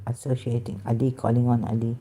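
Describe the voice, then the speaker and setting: A woman giving halting, emotional religious commentary, searching aloud for verses and near tears at times. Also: very deep voice, completely flat delivery, warm tone, breathy edge. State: close to tears.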